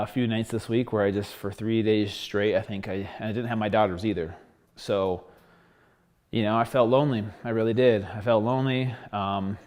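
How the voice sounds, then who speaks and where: A man's voice: lowish voice, darkish tone. Breathless man rambling in a video diary. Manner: candid, rambling, many fillers. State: short of breath. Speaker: fitness vlogger.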